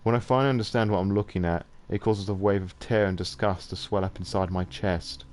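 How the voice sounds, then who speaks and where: A man with a fairly low voice reads a story game aloud on a live stream. He breaks into wry, profane asides between passages. A faint hiss runs under the recording. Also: fairly even intonation, fast talker, darkish tone. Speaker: podcast host reading a visual novel aloud. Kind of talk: casual live-stream read-through.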